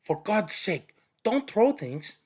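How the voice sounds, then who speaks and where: A man reading a storybook aloud and voicing a bossy, sharp-tongued young girl with a sarcastic, threatening manner. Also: sits high, big pitch swings, slow, husky, voice pushed up, exaggerated voice. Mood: frightened, defensive.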